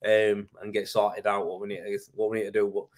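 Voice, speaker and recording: A man's voice: fairly low pitch, flat delivery, fairly quick. Chatty man on a live stream. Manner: chatty and rambling, full of fillers like mate and man. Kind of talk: casual live-stream chat answering viewer comments.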